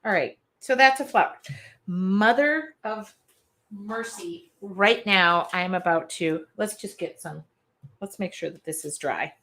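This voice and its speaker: A woman's voice: fairly low pitch, normal speed, pushed and bright. Chatty woman at her craft table. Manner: chatty, rambling, reads viewer comments aloud, laughs often. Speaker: art journaling host. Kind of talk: casual live-stream chat while crafting. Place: home art studio with air conditioning running.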